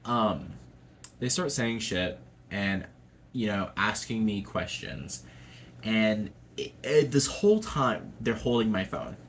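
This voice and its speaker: A man's voice: on the low side, expressive, takes it slowly, slight background noise. A young adult man telling a personal story to camera in a casual, chatty way, swearing freely and laughing often. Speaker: vlogger.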